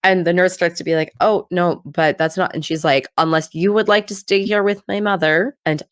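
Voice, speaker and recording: A woman in a casual chat, recapping an episode with lively, acted-out quotes and frequent laughs. Her voice sits on the lower side and sounds dry and close, with no room around it. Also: moderate pace, no echo. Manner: animated retelling, acting out quotes with laughs. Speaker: podcast co-host.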